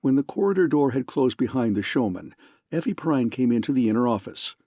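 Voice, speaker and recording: A man narrating an audiobook in even, measured scripted narration. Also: mid-range voice, dry recording.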